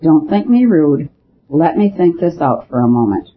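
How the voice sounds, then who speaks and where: A man's voice: on the high side, animated, normal speed, natural voice. A man voicing a small, thoughtful priest detective who talks in a careful, hesitant way. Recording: dull lo-fi recording with faint hiss.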